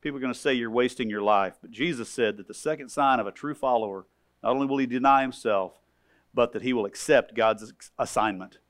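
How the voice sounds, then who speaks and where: A man preaching a sermon as pastor, animated, acting out voices and swinging between loud calls and hushed lines. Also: mid-range voice, a little fast.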